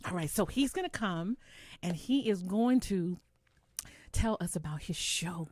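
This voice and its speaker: Woman co-host, giggly and rambling, slow-talking, dry close sound. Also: fairly low pitch, expressive, a little mellow, no room sound. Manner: giggly, rambling, self-conscious. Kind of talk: casual chat.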